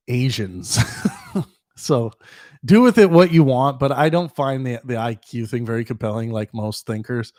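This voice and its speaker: A man's voice: medium pitch, darkish tone, no echo, clean studio sound. A man hosting a casual livestream Q&A, rambling with frequent restarts and chuckling as he answers viewer questions.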